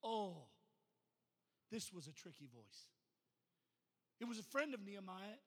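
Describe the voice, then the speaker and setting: Man, pastor preaching, husky high voice, rhythmic preaching cadence, long church-hall reverb. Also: very animated, measured pace. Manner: builds to loud, rhythmic preaching. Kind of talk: sermon.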